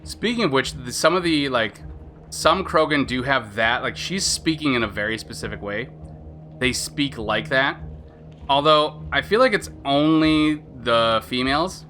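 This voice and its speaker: Bright-voiced, chatty male streamer. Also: medium pitch, animated, unhurried, faint music behind. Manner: rambling, chatty, lots of fillers and self-interruptions. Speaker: gaming streamer. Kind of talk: casual live-stream commentary.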